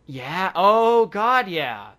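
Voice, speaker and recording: A podcast co-host chats casually, reacting playfully to the story. His voice sits fairly high for a man. He laughs often and easily. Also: sing-song, very slow, a bit bright. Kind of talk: casual chat.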